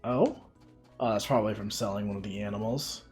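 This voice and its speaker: A man's voice: fairly low pitch, brisk, a little mellow. Male streamer, casual rambling commentary, laughs a lot, faint game music behind. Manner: rambling, many fillers, laughs often.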